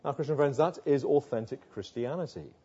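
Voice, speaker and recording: A man's voice: medium pitch, lively intonation, a little fast, warm tone, husky. A man preaching a sermon, earnest, asking rhetorical questions and building to emphatic passages. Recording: muffled lo-fi sound.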